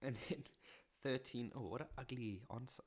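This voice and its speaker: Joking South African maths teacher. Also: male voice, mid-range voice, moderate pace. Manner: chatty, joking, self-deprecating asides. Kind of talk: video maths lesson.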